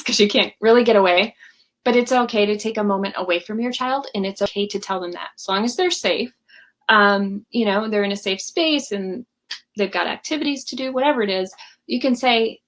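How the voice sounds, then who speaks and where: A woman's voice: mid-range voice, fairly bright tone. A woman coaching parents in a live Q&A, talking in a friendly, conversational way at home and giving example phrases.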